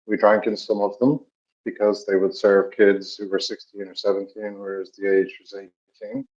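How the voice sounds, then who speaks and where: A middle-aged man from Dublin with an Irish accent, telling stories in a measured, reflective way with many pauses. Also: fairly low pitch, level tone, darkish tone. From Ireland. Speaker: podcast co-host. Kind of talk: reflective storytelling chat. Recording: dull lo-fi recording.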